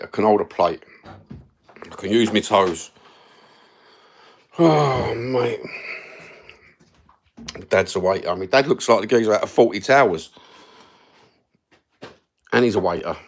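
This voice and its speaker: A man's voice: on the low side, vocal fry, slight background noise. A man with a Cockney accent hosting a livestream, chatting casually and rambling between topics with plenty of swearing. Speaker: livestream host.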